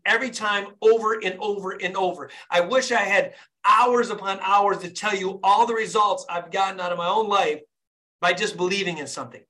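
A man's voice: high voice, bright, forceful tone. A fired-up young man, a dentist, hosting a group video call and urging listeners on with repetitive, preachy motivation.

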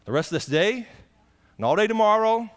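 A man's voice: high voice, big pitch swings, fairly quick. A man, a pastor preaching a folksy, conversational sermon and putting direct questions to the congregation.

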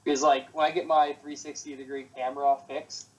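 A man's voice: on the high side, little pitch movement, a little fast, darkish tone, rough recording. A young man in casual chat, laid-back and rambling with lots of fillers.

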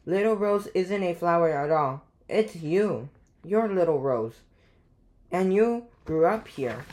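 A woman reading aloud as a bubbly young girl detective who loves pink, playful and slow. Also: lowish voice, expressive, a little mellow.

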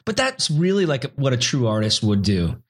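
A man's voice: medium pitch, very animated, normal speed, husky. A man, an actor, chatting casually and eagerly sharing anecdotes. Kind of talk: casual chat.

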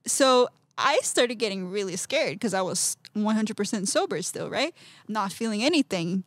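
Speaking at a moderate pace in a mid-range voice, a woman shares a personal story as a podcast guest. She's animated, performs the quoted lines, and laughs frequently, and the recording has no echo.

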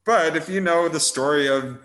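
A man's voice: on the high side, normal speed, fairly bright tone. A young man casually chatting about movies as a host, rambling and amused, with frequent restarts and filler words. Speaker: podcast host reviewing movies. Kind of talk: casual chat.

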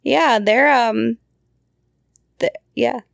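A young woman from Georgia with a light Southern accent, chatting casually in a folksy way and quick to correct details. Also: fairly high pitch, vocal fry, no echo, clean studio sound. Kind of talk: casual chat.

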